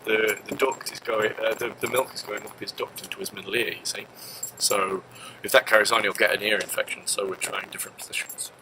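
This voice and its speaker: Young guy vlogging from the car, chatty and dry, lowish voice, road noise rumbling behind. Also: fairly even intonation, brisk. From Cheshire, England. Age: young adult. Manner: chatty, dry joking, explains at length. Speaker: family vlogger, father. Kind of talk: casual chat to camera. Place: inside a car.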